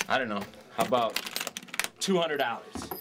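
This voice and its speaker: A man pitching instruments from his music store in a brash, ranting hard-sell style, swinging between shouts and mutters. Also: animated, normal speed, background noise.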